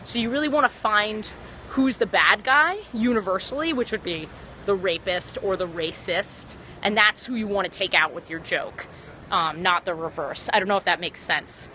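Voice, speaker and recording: Bright and forceful, her medium-pitched voice keeps a moderate pace as this young comic rambles through a casual street livestream. She talks into a handheld phone, full of ums and correcting herself, with faint traffic behind her.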